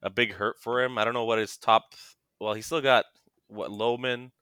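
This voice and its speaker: A man co-hosting a casual podcast, rambling in a relaxed way and trailing off into low mutters. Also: moderate pace, smooth, no room sound, studio quality. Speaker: podcast co-host. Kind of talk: casual chat about a fantasy baseball league.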